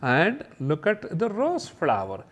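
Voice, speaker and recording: A man teaching a kindergarten lesson, talking gently and directly to young children and exclaiming over each picture. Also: on the high side, wildly swooping pitch, takes it slowly.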